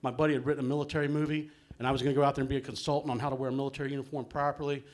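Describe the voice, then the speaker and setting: A man's voice: medium pitch, flat delivery, very fast. A middle-aged man doing a live stand-up set in a small venue, rambling and self-deprecating, dropping "man" and "um" everywhere. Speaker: stand-up comedian.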